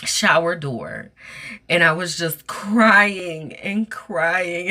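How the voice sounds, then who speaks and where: A woman hosting a podcast, recounting a personal experience in an earnest, emotional monologue with a soft voice. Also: fairly low pitch, animated, slow pace. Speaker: podcast host.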